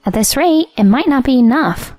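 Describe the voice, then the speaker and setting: A woman voicing a high-pitched, scheming young mistress speaking over the phone, eager and gushing. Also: lively intonation, moderate pace, darkish tone, no room sound, faint music behind.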